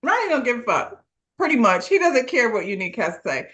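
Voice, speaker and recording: A woman's voice: on the high side, very animated, quick pace, a bit bright. A woman co-hosting a casual show, recapping a TV episode in slangy, laugh-filled storytelling and acting out the characters' lines. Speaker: podcast co-host reviewing a TV episode.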